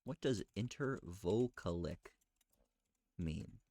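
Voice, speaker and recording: Low, dry-voiced man thinking aloud. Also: expressive, mellow, dry recording. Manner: muttering, self-questioning, reading aloud haltingly. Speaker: streamer researching live. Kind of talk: thinking aloud while reading search results.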